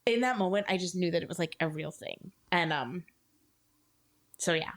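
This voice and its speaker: Woman in her thirties, co-host, chatty storyteller, animated delivery. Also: on the low side, moderate pace. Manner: animated, lots of "like" fillers. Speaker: podcast co-host. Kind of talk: casual storytelling chat.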